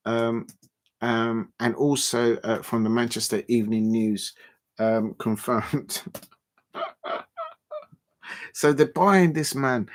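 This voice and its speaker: A man with a medium-pitched voice hosts a football livestream, chatting casually. He rambles and halts, using lots of fillers and chuckling often.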